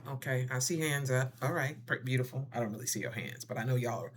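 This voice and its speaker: A wellness vlogger giving casual relationship advice to viewers, playful and animated, calling them darling and honey and acting out little scenes. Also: mid-range voice, quick pace, slight background noise. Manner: addresses viewers with endearments and slang.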